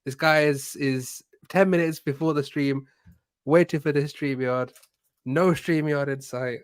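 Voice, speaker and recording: A man's voice: fairly high pitch, fairly even intonation, measured pace, clear, resonant tone, dry recording. Panel guy on a football podcast, teasing the host, dry sound, no room. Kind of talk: casual football podcast chat.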